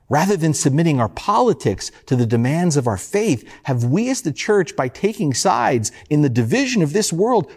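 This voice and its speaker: A man preaches a sermon, pressing his listeners with earnest rhetorical questions and repeated phrases. His voice is a touch husky and rises and falls with lively, animated pitch. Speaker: pastor.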